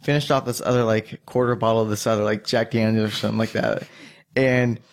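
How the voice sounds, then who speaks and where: A man's voice: fairly low pitch, steady tone, fairly quick. A young man telling a long drinking story in casual chat, rambling, swearing and laughing as he goes.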